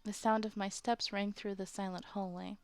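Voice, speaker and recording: A woman's voice: mid-range voice, level tone, normal speed, clear, resonant tone, no room sound. A woman streaming a visual novel playthrough, reading the game's text aloud and chatting playfully with her viewers. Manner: chatty, playful, reacts to chat. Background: faint game music.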